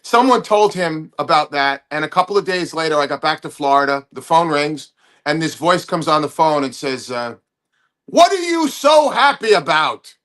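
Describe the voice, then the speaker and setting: A male comedian guest on a podcast, telling a story with animated, halting restarts. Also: a little high.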